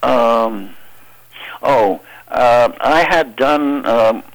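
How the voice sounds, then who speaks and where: An older man, an actor being interviewed, telling stories in a halting, meandering way. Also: mid-range voice, poor audio. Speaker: actor guest. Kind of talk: interview storytelling.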